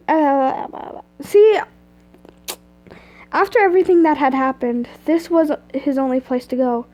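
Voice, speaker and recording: A woman's voice: high voice, mellow. A young woman casually reading fan fiction aloud on a live stream, stumbling over words and breaking off into asides. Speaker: reader. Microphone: phone or computer mic.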